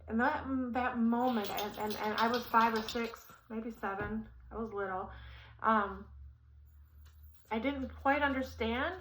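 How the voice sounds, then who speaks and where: Recorded at low quality with slight background noise, a middle-aged woman with a higher-pitched voice vlogs while assembling furniture. She tells a personal story casually and warmly, rambling with many fillers and restarts.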